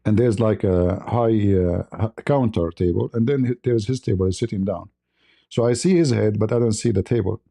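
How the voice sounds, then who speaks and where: A man's voice: fairly low pitch, normal speed, gravelly, warm tone. A man from the Middle East, host of a live stream, telling a story in simple learned English, laughing often and acting out the dialogue. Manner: speaks English as a learned language, simple phrasing. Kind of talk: casual storytelling.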